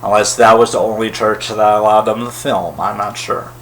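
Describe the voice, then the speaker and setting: A man's voice: lowish voice, fairly even intonation, normal speed, a bit bright, slight background noise, poor audio. A man giving a casual, rambling film review in a wry, critical way. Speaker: movie reviewer.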